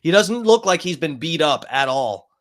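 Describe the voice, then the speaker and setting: A man's voice: fairly high pitch, sing-song, moderate pace, a bit bright. A man telling a rambling, profanity-laced story in a casual vlog. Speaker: vlogger.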